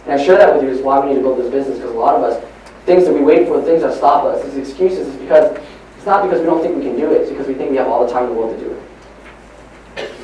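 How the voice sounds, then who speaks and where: A man giving a motivational training talk at a live event, telling stories and moving between hushed and emphatic delivery. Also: mid-range voice, fast talker, slight background noise. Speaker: motivational speaker. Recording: echoey live hall recording from far off.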